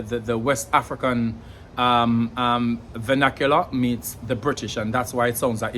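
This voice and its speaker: A Jamaican man giving an earnest spoken explanation, pausing often to search for words and sounding out examples. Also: mid-range voice, a bit bright, slight background noise. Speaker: language educator. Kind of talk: explanatory monologue.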